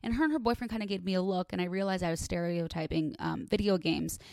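A woman's voice: lowish voice, fast, gravelly, darkish tone, dry recording, studio quality. A young woman hosting her podcast, telling stories in a chatty, self-deprecating way full of tangents. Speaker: podcast host. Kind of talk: casual storytelling monologue.

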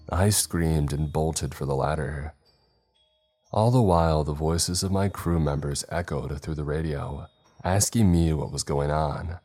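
Very deep-voiced man narrating horror. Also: darkish tone. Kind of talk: scripted first-person horror narration.

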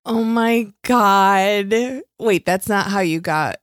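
A woman's voice: mid-range voice, slow pace, no echo, clean studio sound. A woman chatting casually as a podcast co-host, wry and teasing, laughing a lot. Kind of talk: casual chat.

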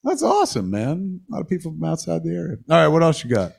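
A man's voice: fairly high pitch, fast talker, vocal fry, breathy edge. A man hosting a live podcast show in a cinema, bantering with the audience and swearing freely. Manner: excitable, swears freely, quizzes the crowd. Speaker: podcast host.

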